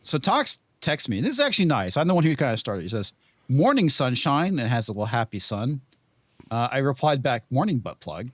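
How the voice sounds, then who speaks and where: A man's voice: mid-range voice, sing-song, a little fast, a bit bright, no room sound. A man hosting a casual comedy talk show, reading out silly texts and laughing while he talks. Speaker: podcast host.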